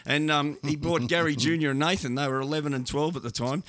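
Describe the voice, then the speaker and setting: A middle-aged Australian man, a sports agent, telling animated stories in casual talk and acting out the voices of the people in them. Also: a little high, quick pace, no echo. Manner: animated anecdotes, acts out voices in quotes. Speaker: sports agent and podcast guest. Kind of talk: casual storytelling.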